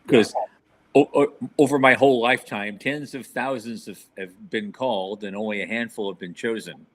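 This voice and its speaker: A man's voice: on the low side, fairly even intonation, moderate pace. A man co-hosting a podcast, chatting casually about space industry news with wry, sarcastic asides. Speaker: podcast co-host.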